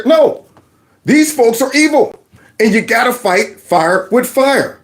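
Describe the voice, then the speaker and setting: Guy doing fired-up political commentary, voice jumps all over the place. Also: slow. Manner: animated, mocking impressions, lively pitch swings. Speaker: commentary show host.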